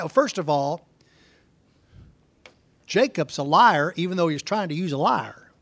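A man with a noticeably high voice teaches through a scripture passage verse by verse. His delivery is conversational, and he keeps turning to the congregation with rhetorical questions. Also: expressive, unhurried, creaky, pauses often. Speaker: preacher.

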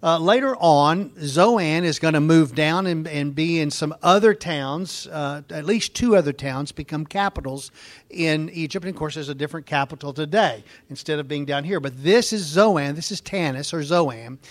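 A man's voice: a little high, moderate pace. A man teaching a conversational Bible lesson, explaining in an informal way with fillers and restarts.

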